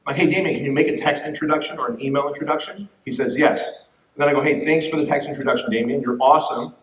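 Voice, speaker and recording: A man giving an energetic, profane business talk to a conference audience, acting out quoted voices. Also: fairly high pitch, fast talker. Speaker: fitness business speaker. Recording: distant, roomy, dull room mic.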